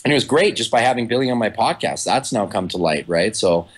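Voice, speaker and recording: Fast-talking animated man in podcast chat. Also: on the low side, slightly rough. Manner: animated storyteller, swears freely, acts out quoted voices. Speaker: podcast guest, filmmaker.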